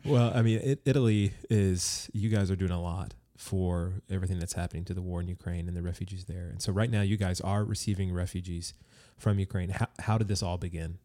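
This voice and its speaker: A man's voice: sits low, steady tone, fairly quick, hardly any pauses, dark tone, no echo. A man hosting a podcast interview in a friendly, easygoing way, from the United States. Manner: friendly, easygoing, with fillers and restarts. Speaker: podcast host.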